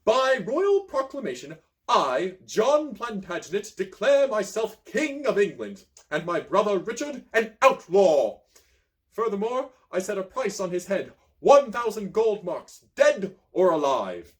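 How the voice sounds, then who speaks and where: A man voicing a petulant, wicked usurper prince in a shrill, pompous manner in a storybook reading. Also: big pitch swings, unhurried.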